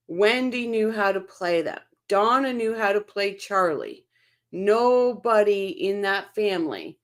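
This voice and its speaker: A woman with a voice a little low for a woman hosts a casual true-crime livestream. She chats her way through viewer comments, reading them aloud and reacting as she goes.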